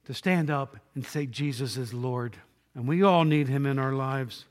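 A man preaching a sermon to his congregation in a conversational way, asking the room rhetorical questions and swinging between loud and hushed delivery. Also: medium pitch, unhurried. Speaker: pastor. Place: church sanctuary.

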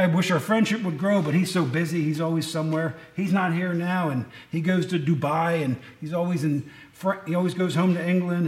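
A middle-aged pastor with a high voice gives a relaxed, chatty sermon and tosses joking asides to his congregation. His voice rings out in a roomy church. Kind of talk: casual sermon.

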